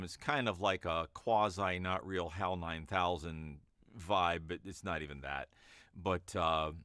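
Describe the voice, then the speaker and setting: Chatty low-voiced man in a dry studio. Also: fairly bright tone, no echo. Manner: chatty and rambling, with upbeat lifts on greetings. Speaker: voice-over artist. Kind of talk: casual vlog chat. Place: home broadcast studio.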